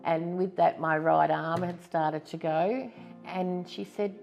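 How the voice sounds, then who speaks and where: A woman's voice: lowish voice, fairly even intonation, slow, vocal fry, a little mellow, dull audio, soft background music. A woman in her fifties with an Australian accent, candidly and earnestly telling her own story as a stroke survivor in a testimonial interview. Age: 50s.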